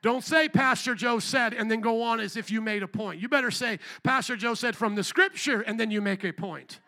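Male pastor, very high, bright and forceful voice, preaching with pointed rhetorical questions. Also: fairly quick. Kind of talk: sermon.

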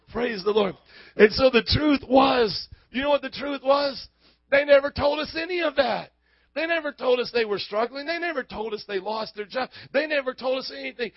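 A man with a high voice preaches a sermon, emphatic and full of call-and-response questions to the congregation. The sound is dull and lo-fi, with a close, dry feel and no room echo. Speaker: pastor.

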